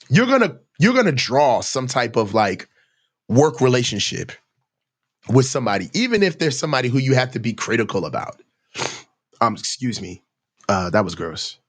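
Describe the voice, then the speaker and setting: A man's voice: medium pitch, sing-song, moderate pace, pauses often. A man hosting a live football reaction show, ranting in heated, slangy commentary.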